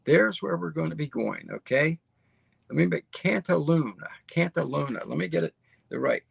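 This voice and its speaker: A middle-aged male host with a fairly high voice, lively intonation, vocal fry and a breathy edge talks at normal speed with no room sound. Casual and enthusiastic, he walks viewers through a listing on a shared screen, repeating himself and often ending lines with "okay?"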